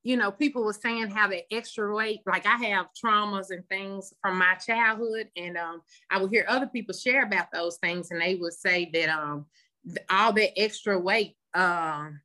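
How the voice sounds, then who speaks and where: A woman giving a candid, rambling personal share at a recovery meeting over a phone video call, with many pauses and ums. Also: medium pitch, bright, forceful tone. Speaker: meeting member sharing.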